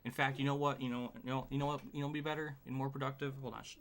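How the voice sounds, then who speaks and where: A man's voice: mid-range voice, flat delivery, racing. A man streaming a racing game live, commenting in an exasperated way, swearing often and laughing at himself. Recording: clear background noise.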